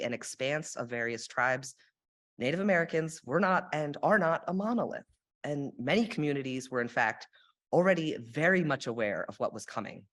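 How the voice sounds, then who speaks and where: A young woman delivers a sermon from a church sanctuary. Her delivery is reflective and measured, with an occasional dry, sarcastic aside. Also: a bass voice. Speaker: lay sermon speaker.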